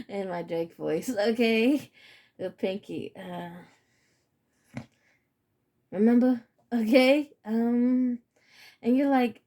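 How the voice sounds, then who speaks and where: A woman's voice: on the high side, slow, pauses often, warm tone. A woman giving a casual spiritual reading to her viewers. She talks emphatically and swears freely, and she keeps repeating "okay?".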